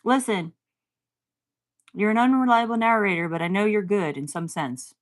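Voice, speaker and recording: A woman's voice: mid-range voice, moderate pace. Chatty woman talking back at the screen. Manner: chatty, talks back at the screen, laughs often. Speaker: vlogger reacting to a TV series. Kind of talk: casual watch-along commentary.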